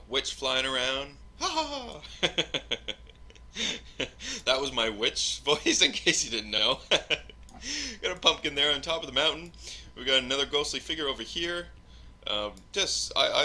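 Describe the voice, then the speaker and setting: A man talking through his own gameplay in a loose, rambling way, chuckling now and then and leaning on filler words. His voice is sharp and bright at an everyday pitch. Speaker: gameplay commentator. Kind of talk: casual live gameplay commentary.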